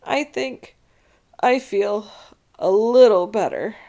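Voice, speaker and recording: A seasick little schoolboy from a storybook, weak and mumbling, as a woman reads him aloud. He speaks slowly, and his voice has a gravelly creak. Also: mid-range voice, warm tone. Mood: queasy.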